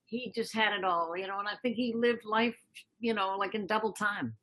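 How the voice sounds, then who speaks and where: Husky older woman musician reminiscing. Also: medium pitch, normal speed, poor audio. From Massachusetts. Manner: warm, reflective, trailing off with fillers. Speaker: guest musician. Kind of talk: casual interview chat.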